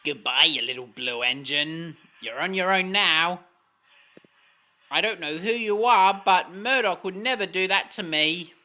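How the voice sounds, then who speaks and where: A reader voicing a gloating male demon steam engine villain who talks in a slow, drawn-out, mocking way, in an amateur storybook reading. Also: medium pitch, bright, forceful tone, pitched above the performer's own voice.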